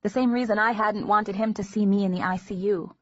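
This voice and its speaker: A woman narrating an audiobook in a measured, intimate first-person reading. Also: medium pitch, fairly even intonation, no echo. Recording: dull lo-fi recording.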